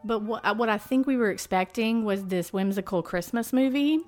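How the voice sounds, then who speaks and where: A woman's voice: medium pitch, moderate pace, a little mellow, faint music behind. Blunt, sarcastic woman chatting casually. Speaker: podcast co-host reviewing movies. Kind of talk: casual chat.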